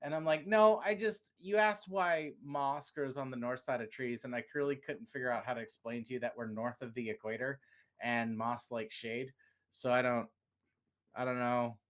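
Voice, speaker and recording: A man's voice: medium pitch, steady tone, moderate pace, a bit bright. Man, Southern US accent, podcast co-host; rambling, self-interrupting, laughs often. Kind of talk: casual chat.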